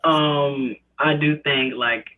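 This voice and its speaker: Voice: mid-range voice, fairly even intonation, slow pace. A speaker on a casual panel discussion who thinks aloud and uses many fillers. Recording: tinny phone-like line.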